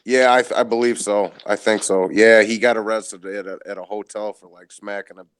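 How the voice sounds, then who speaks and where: A man's voice: on the low side, fairly even intonation, normal speed, clean tone. A man co-hosting a podcast, crude and offhand. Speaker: podcast co-host. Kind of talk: casual podcast banter.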